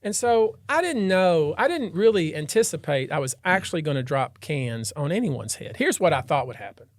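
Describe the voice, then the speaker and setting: A man hosting a podcast, a trial lawyer telling a story in an animated, dramatic way and acting out the scenes. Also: a little high, normal speed, no room sound, studio quality. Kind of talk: casual storytelling chat.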